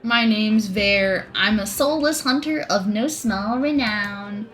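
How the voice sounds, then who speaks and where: A woman's voice: medium pitch, slow pace, a bit bright. Woman voicing Ver, a sly cat hunter. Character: sly smooth-talking male cat-like hunter.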